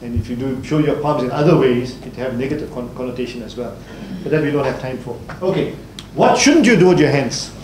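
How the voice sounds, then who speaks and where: A man's voice: medium pitch, expressive, brisk, darkish tone. A man from South Africa giving a public speaking workshop, listing points and quizzing the class. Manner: explains in lists, often asks the class questions. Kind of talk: workshop lecture. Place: lecture hall with audience. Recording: roomy hall, faint hiss.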